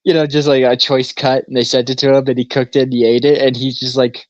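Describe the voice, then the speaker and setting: A man's voice: medium pitch, flat delivery, fast talker, dry recording, muffled recording. A man co-hosting a podcast in casual chat, telling a long story in a rambling way and laughing often. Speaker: podcast co-host.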